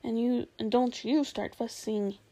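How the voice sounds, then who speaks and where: A woman doing a brisk, motherly beaver wife. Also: on the high side, steady tone, warm tone, rough recording. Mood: soothing, brisk. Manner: brisk, fussing, homely. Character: bustling, motherly female beaver, cool and practical.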